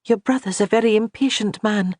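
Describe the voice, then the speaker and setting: A narrator voicing a frightened young woman with a quick tongue in an audiobook. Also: mid-range voice, a little mellow, dry recording, clean studio sound, pitched above the performer's own voice, natural voice. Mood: timid. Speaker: character in an audiobook. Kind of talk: audiobook character reading.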